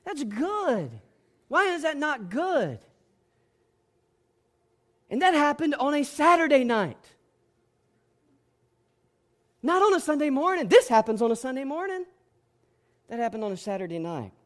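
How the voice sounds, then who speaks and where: Guy pastor preaching loud and passionate, pretty high voice for a man. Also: sing-song, moderate pace, long pauses. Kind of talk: sermon.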